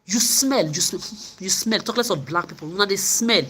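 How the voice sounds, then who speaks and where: Angry woman ranting hoarsely. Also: mid-range voice, normal speed, a bit bright. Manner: confrontational, ranting, repetitive. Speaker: vlogger. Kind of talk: angry monologue to camera.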